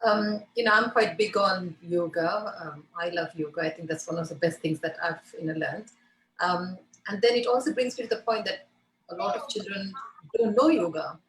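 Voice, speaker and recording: A woman's voice: on the low side, normal speed. A woman interviewer asks questions over a video call, hedging often with "you know" and "um". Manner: hesitant, full of "you know" and "um". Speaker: interviewer, online art class founder. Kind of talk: interview conversation. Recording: echoey room with faint noise.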